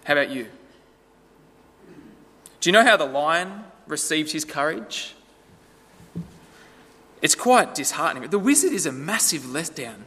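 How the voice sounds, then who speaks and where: A man's voice: fairly high pitch, very animated, a little slow, pauses often, bright, forceful tone, slightly rough. A man preaching a sermon in a conversational way, asking the listeners rhetorical questions. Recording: long hall reverb.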